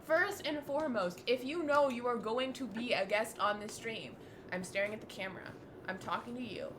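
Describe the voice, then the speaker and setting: A woman's voice: on the high side, normal speed, a bit bright, slight background noise. A woman running a tabletop game on a live stream, talking in a blunt, joking, chatty way. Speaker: game master.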